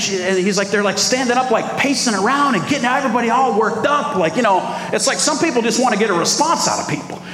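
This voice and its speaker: A man, preaching an animated sermon as pastor and calling out to the congregation. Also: high voice, fast talker, hardly any pauses. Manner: animated preaching with crowd call-outs. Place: large church hall. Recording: echoey hall with background noise.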